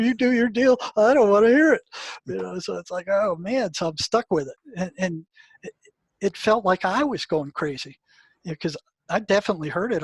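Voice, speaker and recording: A man from the US, a guest in an interview, telling a story in a halting way, repeating words and acting out what people said. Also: on the high side, husky, dry recording. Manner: halting, repeats words, acts out quoted dialogue.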